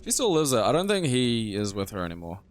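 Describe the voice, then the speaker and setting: A man's voice: mid-range voice, very animated, fast talker. A young Australian man telling a rambling, profane anecdote in casual chat over a game playthrough, often laughing. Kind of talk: casual let's-play storytelling.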